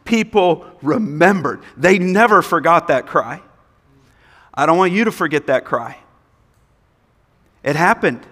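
Male preacher, emphatic sermon delivery, higher-pitched, reverberant hall sound. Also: lively intonation, unhurried, long pauses, a bit bright. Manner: earnest, emphatic preaching with repeated points. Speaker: pastor.

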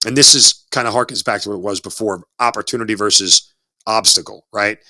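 A man's voice: lowish voice, brisk, pushed and bright, dry recording. A man in his forties, a guest telling his story in an interview, reflective and given to repeating words as he restarts. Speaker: interview guest, former Army officer. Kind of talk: conversational storytelling.

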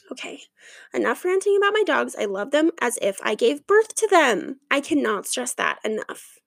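A young adult woman hosting a podcast, chatting and ranting in a lively, animated way. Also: high voice, a little slow, creaky, pauses often, no echo. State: out of breath. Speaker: podcast host. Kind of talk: casual chat.

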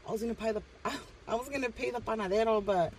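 A woman voicing her gentle father as he apologetically offers the last of his money, in a soft, pleading way. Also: a little high, fast, distant mic, a little hiss or hum, pitched above the performer's own voice, natural voice. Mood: apologetic.

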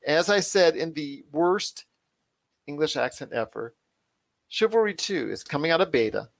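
A man hosting a pop culture podcast in energetic, rambling casual chat. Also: on the high side, no room sound. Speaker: podcast host.

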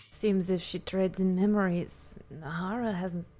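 A woman playing a tabletop role-playing game, speaking hesitantly and haltingly. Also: lowish voice, steady tone, dark tone. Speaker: player.

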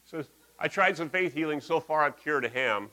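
A man's voice: a little high, lively intonation, normal speed, bright, forceful tone, poor audio. A man giving a conversational, folksy sermon in a church, talking through slides with asides. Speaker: pastor.

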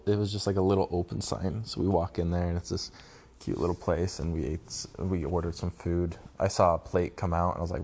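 Gravelly low-voiced young man telling a trip story. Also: normal speed, a little mellow. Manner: rambling, profane, laughs often. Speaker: vlogger. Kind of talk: casual travel storytelling.

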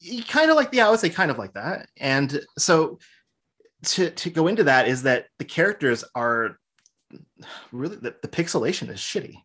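A man's voice: fairly high pitch, very animated, moderate pace, a bit bright. A man co-hosting a podcast in casual chat, rambling through opinionated game critique. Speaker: podcast co-host.

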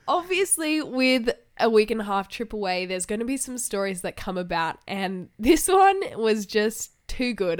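A woman's voice: medium pitch, clean tone. A young Australian woman co-hosting a podcast, slightly nasal and run down from jet lag, telling a story in a chatty, giggly way. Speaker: podcast co-host. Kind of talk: casual chat.

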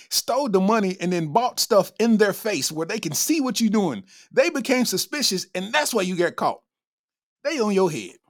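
Man, comedy podcast host, lively swinging pitch, slangy and incredulous, laughs a lot. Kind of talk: casual comedic commentary reading chat.

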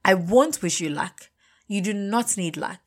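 A woman's voice: mid-range voice, lively intonation, measured pace. A woman voicing a frank, caring female friend who scolds her insistently in a spoken story. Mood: urging.

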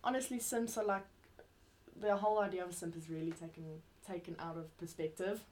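A woman's voice: fairly low pitch, steady tone, a little mellow. A woman co-hosting a podcast, teasing her co-host in casual chat. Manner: teasing, quick to laugh.

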